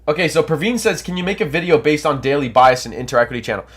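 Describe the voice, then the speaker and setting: A man's voice: fairly high pitch, fast talker, slightly rough. Stuffy-nosed Canadian man hyping his chat. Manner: energetic, hyped, coaching chat. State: stuffed-up nose from allergies. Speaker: trading livestream host. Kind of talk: casual livestream chat reading viewer comments.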